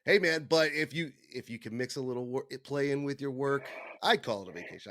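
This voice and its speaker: A man's voice: mid-range voice, big pitch swings, brisk, a bit bright, no echo, clean studio sound. Jokey rambling podcast host man. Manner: jokey, rambling, self-deprecating. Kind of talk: casual podcast chat.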